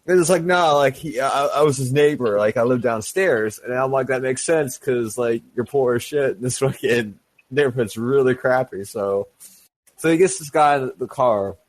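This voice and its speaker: A man's voice: medium pitch, normal speed, no echo. Profane, rambling man telling a story. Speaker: guest storyteller. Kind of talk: casual podcast chat.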